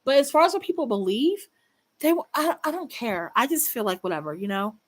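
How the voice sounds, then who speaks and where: A woman's voice: on the high side, very animated, a little fast. A young woman chatting casually to her livestream viewers, blunt and swearing freely, often restarting her sentences. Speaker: livestream host.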